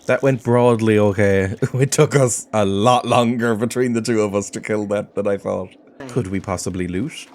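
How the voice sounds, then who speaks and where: A man's voice: fairly low pitch, moderate pace, darkish tone. A man casually commentating a game he plays, chatty and often giggling. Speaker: gaming video host. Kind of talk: casual let's-play commentary.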